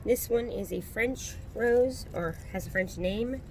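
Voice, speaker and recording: A woman in her thirties giving a relaxed, casual tour of her backyard garden, with frequent ums, recorded on a handheld phone outdoors. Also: fairly high pitch, takes it slowly, a little hiss or hum. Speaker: gardening vlogger.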